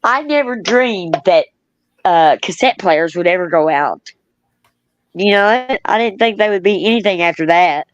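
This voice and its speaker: A woman's voice: lowish voice, expressive, moderate pace, no room sound. A middle-aged woman hosting a casual chat, reminiscing in a rambling way, laughing often, and reading out viewer comments. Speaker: host. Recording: dull, lo-fi.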